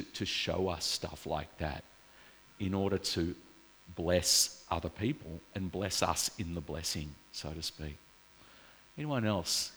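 A man preaching a casual, story-filled sermon in a church. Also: low-pitched. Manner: chatty, storytelling, animated with laughs. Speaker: pastor. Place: church hall. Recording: reverberant church hall.

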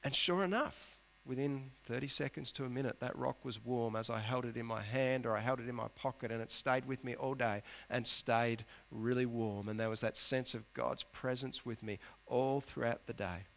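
A man's voice: medium pitch, normal speed, vocal fry, hardly any pauses, fairly bright tone. A man preaching a sermon as pastor, earnest, climbing to emphatic peaks and sinking to near-whispers.

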